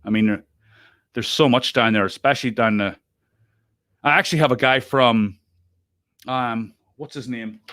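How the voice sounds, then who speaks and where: Man, podcast host, casual group chat, self-interrupting, bright tone, dry recording. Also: medium pitch, normal speed, long pauses, dry recording. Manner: chatty, self-interrupting, laughs often.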